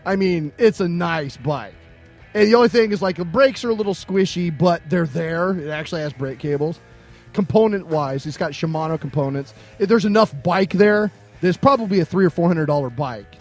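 High-voiced man telling a story. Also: moderate pace, soft background music. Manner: animated anecdote, mimics other people's lines, laughs often. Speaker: podcast co-host. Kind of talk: casual storytelling.

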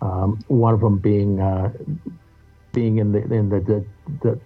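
A man's voice: fairly low pitch, little pitch movement, a little slow, faint music behind. A man being interviewed as a guest musician on a podcast, talking in a candid, reflective and loose way, swearing now and then. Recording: muffled lo-fi audio.

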